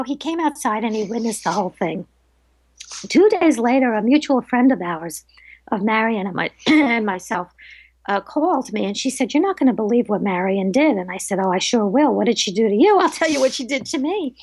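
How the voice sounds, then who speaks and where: A middle-aged woman with a somewhat high voice tells stories in a relaxed interview. She is animated and acts out the people she quotes. The sound is close and dry, with no room around it. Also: breathy edge, no room sound. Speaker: psychic medium guest. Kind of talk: casual interview storytelling.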